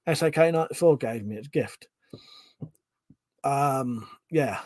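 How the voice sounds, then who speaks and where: Speaking a little slowly in a medium-pitched, darkish voice, this livestream host reads out comments from viewers, swearing without restraint and laughing often. The recording is dry and studio quality.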